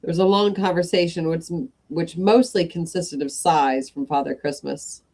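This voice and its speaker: A woman's voice: on the low side, fairly even intonation, normal speed, mellow. A woman hosting a live evening story reading who chats with her viewers between passages and breaks in with apologetic asides. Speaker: host of an evening reading stream. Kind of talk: reading stories aloud to a live chat.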